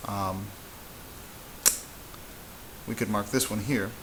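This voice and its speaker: A man teaching a casual whiteboard lesson, relaxed and halting, with frequent fillers and restarts. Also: fairly low pitch, a little hiss or hum, rough recording. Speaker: Spanish teacher.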